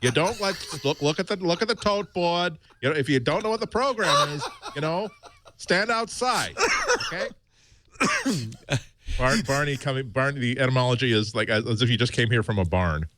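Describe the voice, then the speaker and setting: A man's voice: fairly high pitch, lively intonation, moderate pace, fairly bright tone. Playful man. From Boston area. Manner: playful, mock-tough local talk. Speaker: podcast guest. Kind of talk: casual chat, joking banter.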